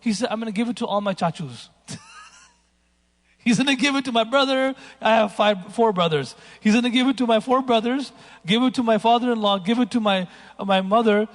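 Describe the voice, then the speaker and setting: High-voiced man preaching in a reverberant hall. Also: fairly quick. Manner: storytelling, shifts between hushed and emphatic. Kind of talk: sermon.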